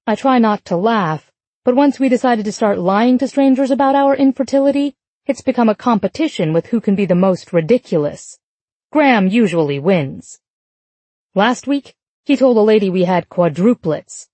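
A woman's voice: mid-range voice, animated, normal speed, warm tone, no echo. A woman narrating a first-person romance audiobook in an intimate, lightly amused tone.

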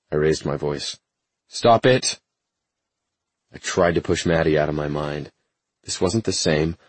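A man narrating a first-person romance audiobook in a measured, brooding, intense way. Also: a bass voice, darkish tone, slightly rough, no echo.

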